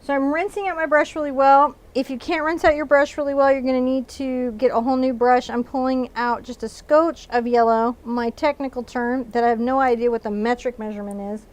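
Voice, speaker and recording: A woman's voice: sits high, fairly even intonation, fairly quick, few pauses. A woman with a Texan accent teaching a live painting lesson in her studio, chatting and narrating each brush step as she paints. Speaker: painting instructor. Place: art studio.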